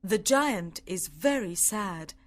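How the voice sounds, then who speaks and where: A woman reads a children's story aloud at an unhurried pace, each sentence short and clearly spoken. Her pitch is middling and her delivery is careful and measured, suited to English learners. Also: animated. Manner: careful, simple, evenly paced reading.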